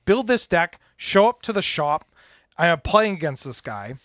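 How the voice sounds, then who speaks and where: A man's voice: a little high, lively intonation, measured pace, a bit bright, no room sound. A man co-hosting a podcast, telling stories in casual chat and laughing often. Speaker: podcast co-host. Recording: dry close studio sound.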